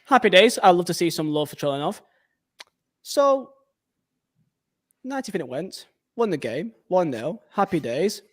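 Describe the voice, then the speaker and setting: A man hosting a casual football podcast, talking in excitable, punchy bursts. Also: sits high, a little slow, long pauses. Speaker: podcast host.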